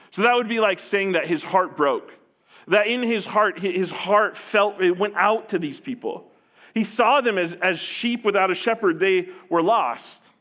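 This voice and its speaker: A pastor preaches a sermon in a high-pitched, fairly bright voice. He is earnest, often restarting phrases and acting out what people say.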